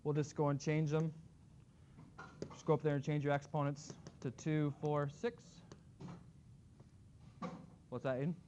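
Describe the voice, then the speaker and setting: A man's voice: a little high, flat delivery, unhurried, pauses often, warm tone, highs cut off, a little hiss or hum. A man teaching a math class, talking casually and thinking aloud as he graphs. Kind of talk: classroom lecture.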